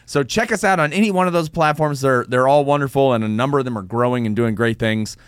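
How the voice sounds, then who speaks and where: A man hosting a casual podcast, upbeat and quick to laugh. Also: medium pitch, clean tone, no room sound, clean studio sound. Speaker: podcast host.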